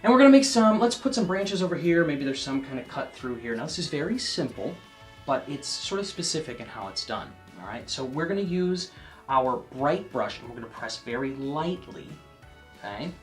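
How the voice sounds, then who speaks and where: A man giving a casual painting lesson, chatting to the viewer and often checking in, sometimes dropping to a soft near-whisper as he works. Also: mid-range voice, very animated, moderate pace, soft background music. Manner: drops to a soft near-whisper while working. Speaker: painting instructor.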